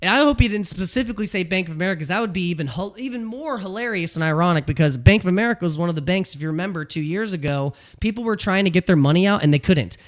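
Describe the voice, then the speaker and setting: A man giving casual commentary as a video host, animated and ranting, repeating phrases and laughing at his own jokes. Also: high voice, very fast, hardly any pauses. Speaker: crypto YouTuber. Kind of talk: casual talking-head commentary.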